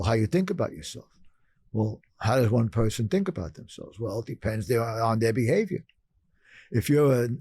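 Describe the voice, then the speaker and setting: Older husky New man, emphatic. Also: medium pitch, mellow, no echo. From Brooklyn, New York. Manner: emphatic, repeats phrases for effect. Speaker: podcast guest in recovery. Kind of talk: storytelling interview talk.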